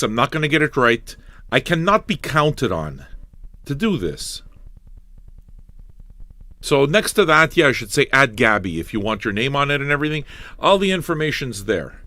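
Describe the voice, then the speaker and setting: A man's voice: mid-range voice, bright, forceful tone, dry recording. A man hosting a live-streamed record show, talking in a rambling, profane, mock-ranting way to his chat. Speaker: livestream DJ host. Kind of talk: casual live radio banter.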